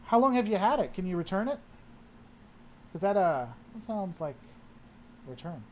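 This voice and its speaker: A man's voice: high voice, sing-song, moderate pace, darkish tone, a little hiss or hum. A man hosting a casual livestream, answering chat and often trailing off and restarting his sentences.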